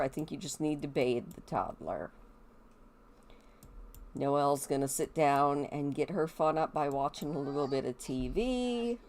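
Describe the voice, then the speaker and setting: A woman with a stuffy, congested nose gives relaxed gameplay commentary. Her voice sits fairly low, and she speaks slowly, chatting to the characters on screen as she plays. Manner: chatty, talks to game characters. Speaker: gameplay video host.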